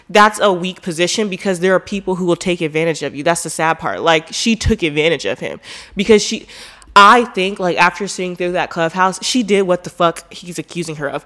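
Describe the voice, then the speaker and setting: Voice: medium pitch, fairly bright tone. A vlogger telling a story in casual commentary, rambling with lots of fillers and swearing freely, turning heated when indignant. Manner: profane, rambling, heavy "like" fillers.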